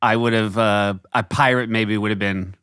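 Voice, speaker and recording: A man's voice: on the low side, steady tone, normal speed, fairly bright tone, clear, resonant tone, dry recording, clean studio sound. An American man co-hosting a podcast, asking curious questions and laughing easily. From United States. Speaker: podcast co-host. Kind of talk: casual chat.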